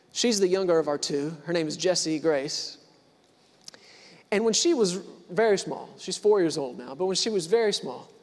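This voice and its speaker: A man in his thirties preaching a sermon, repeating phrases for emphasis and swinging from quiet to loud. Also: sits high. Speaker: pastor. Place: church hall. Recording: long reverb of a large hall.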